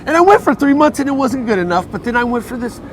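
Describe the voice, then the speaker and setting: A man's voice: very high-pitched, very animated, quick pace. A man telling his story in a casual outdoor interview, heated and profane, acting out what others said to him. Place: outdoors in a city. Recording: outdoor street noise.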